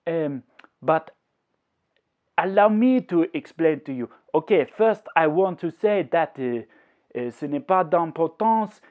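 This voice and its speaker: A man making a language-learning video who talks in a deliberately hammy, put-on French accent. He slips French phrases into his talk and explains his ideas step by step. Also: on the high side, animated, phone-quality sound. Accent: deliberately exaggerated put-on French accent. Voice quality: hammy mock-French delivery. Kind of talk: playful language-learning vlog.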